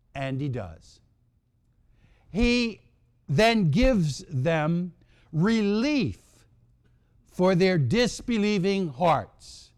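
A man preaching a sermon, retelling scripture in a slow, dramatic delivery with long pauses. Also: fairly high pitch.

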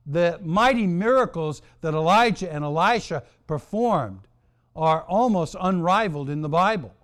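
A man preaching a sermon, telling a story in a deliberate, emphatic and dramatic way. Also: fairly high pitch, lively intonation, fairly bright tone. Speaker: pastor.

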